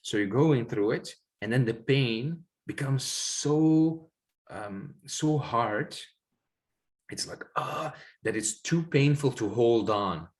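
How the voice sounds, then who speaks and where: A man's voice: medium pitch, lively intonation, slow. A man in casual conversation recounting a spiritual experience, reflective and rambling, full of fillers and repeated words. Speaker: guest sharing spiritual experiences.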